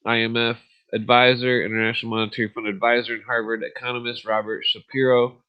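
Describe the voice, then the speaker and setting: A man's voice: mid-range voice, highs cut off. Profane, blunt male podcast host. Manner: profane, blunt, frequent fillers. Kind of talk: casual ranting and reading aloud.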